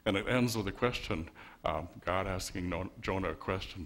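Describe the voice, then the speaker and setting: A male pastor delivers a sermon in a low voice. He keeps it wry and conversational and works the congregation with rhetorical questions. He speaks from a church sanctuary. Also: normal speed, fairly bright tone, slight background noise.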